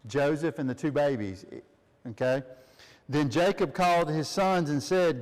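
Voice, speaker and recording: A man's voice: on the high side, unhurried, in a large hall. A man leading a family Bible study, reading scripture aloud and asking his listeners questions with frequent laughs. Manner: reads aloud, then asks listeners questions and laughs often.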